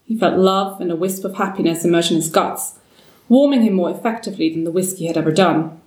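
A woman narrating a story aloud in a measured, steady way. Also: lowish voice. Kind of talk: storybook reading. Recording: roomy, distant mic.

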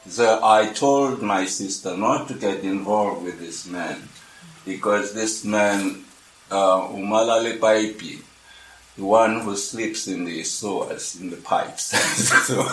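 An older man from South Africa telling a personal story in a halting way, full of restarts and fillers. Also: fairly low pitch. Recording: echoey room.

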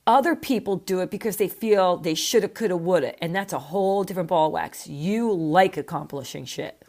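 A woman's voice: lowish voice, fairly quick, a little mellow. Frank, enthusiastic woman host. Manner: frank, enthusiastic interviewer who swears casually. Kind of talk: casual chat.

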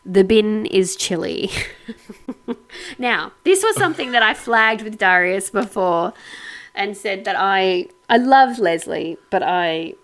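Woman cohost on a chill podcast, chatty, laughs a lot, mid pitch. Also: lively intonation, takes it slowly, a bit bright. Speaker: podcast co-host. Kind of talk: casual podcast chat.

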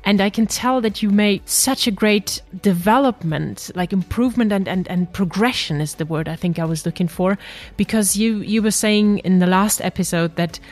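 A woman's voice: mid-range voice, moderate pace, a little mellow. Encouraging woman podcast host. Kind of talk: conversational podcast.

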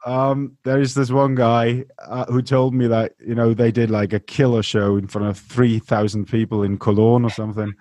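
Chatty host with a dry sound. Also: male voice, medium pitch, level tone, normal speed, hardly any pauses, mellow, dry recording. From Germany, near Munich. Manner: chatty, restarts, storytelling. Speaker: show host. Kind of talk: casual interview chat.

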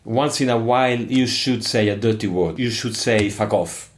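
An older man with an Italian accent, a non-native English speaker, answering interview questions in an expressive, emphatic and digressive way. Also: medium pitch, moderate pace. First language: not English. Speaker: musician guest.

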